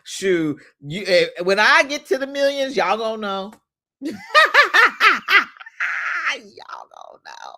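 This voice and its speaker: Host read: a slow, unhurried woman leading a motivational livestream with call-and-response affirmations. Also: mid-range voice. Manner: animated call-and-response, drawn-out repeated affirmations.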